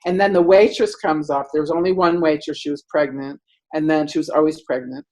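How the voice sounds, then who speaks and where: A middle-aged woman telling a rambling story in casual chat, acting out quotes loudly with lots of "like". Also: sits low, brisk, low-quality recording. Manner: animated, acts out quotes loudly; rambling, many "like" fillers.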